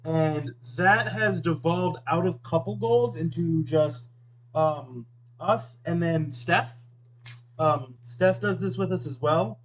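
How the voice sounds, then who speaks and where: A man's voice: on the high side, slow, slight background noise, rough recording. A man rambling casually with lots of fillers while he cooks at home, talking to a friend off camera. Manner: rambling, filler-heavy, self-deprecating. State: eyes watering from onions. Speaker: video host. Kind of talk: casual chat while cooking.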